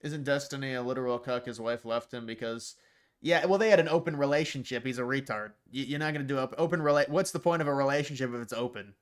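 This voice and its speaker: A man's voice: mid-range voice, fast. A man hosting a livestream, reacting to chat in blunt, profane, sarcastic rants. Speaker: livestream host. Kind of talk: casual livestream commentary.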